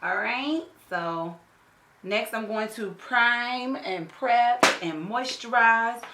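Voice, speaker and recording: A woman's voice: on the high side, takes it slowly, pushed and bright. Emphatic, slangy woman in her thirties telling a story. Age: 30s. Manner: emphatic storyteller, tags lines with "okay?"; blunt, salty slang and swearing. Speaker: beauty vlogger. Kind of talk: storytime chat while doing makeup. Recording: roomy echo.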